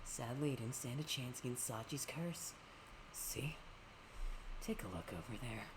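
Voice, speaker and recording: A woman voicing a cruel, gloating male villain in a low, breathy, menacing whisper. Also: measured pace, noisy background.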